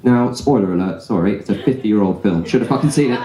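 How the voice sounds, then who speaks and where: Doing a stand-up set in a roomy club, a young man from England talks fast and animatedly, telling stories casually and frequently adding "right?" asides. His voice is lowish, and crowd noise and laughter fill the background.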